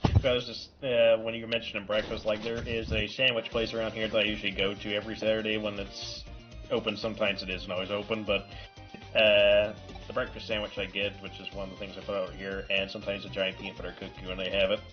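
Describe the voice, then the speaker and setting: Low easygoing dude, kinda halting, muffled audio with faint music. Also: male voice, monotone. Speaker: guest on a stream. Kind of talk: casual chat.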